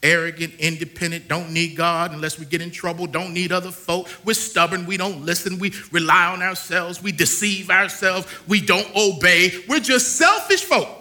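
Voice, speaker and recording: A middle-aged pastor preaching a sermon, swinging between loud calls and hushed, drawn-out lists. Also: male voice, high voice.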